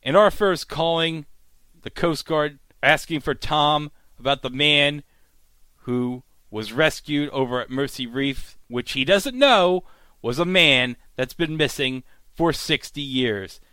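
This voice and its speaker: Podcast guy recapping tv, animated mock disbelief, slow-ish, dry mic. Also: a little high, clear, resonant tone, dry recording. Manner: animated, mock-incredulous outbursts. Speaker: podcast host. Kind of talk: comedic episode recap.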